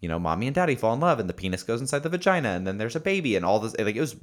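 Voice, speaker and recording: A man's voice: mid-range voice, big pitch swings, rapid-fire. A young man casually telling a story on a podcast, with many fillers and laughs. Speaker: podcast co-host. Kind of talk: casual chat.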